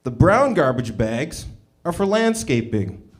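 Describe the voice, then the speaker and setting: A young man doing a stand-up set at an open mic, with a loose, halting delivery full of ums. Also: on the high side, very animated. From Canada. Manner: laid-back, halting delivery with many ums. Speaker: stand-up comedian. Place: small comedy venue with a live audience.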